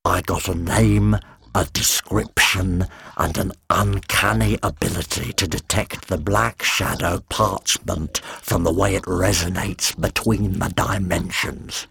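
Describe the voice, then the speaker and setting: A hulking furry monster voiced by a man that rumbles along in a slow, gravelly drawl, cheerfully matter-of-fact about its grim work. The voice is husky and sits low. The audiobook recording is dry and close. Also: fairly even intonation, bright, forceful tone, no room sound, exaggerated voice. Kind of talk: audiobook character voice.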